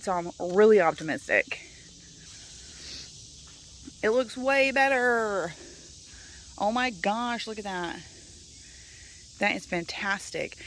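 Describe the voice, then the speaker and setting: A young woman, chatting casually to her camera as she walks around her yard and garden. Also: mid-range voice. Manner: chatty, self-talking, uses y'all and like. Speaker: vlogger. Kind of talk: casual vlog chat.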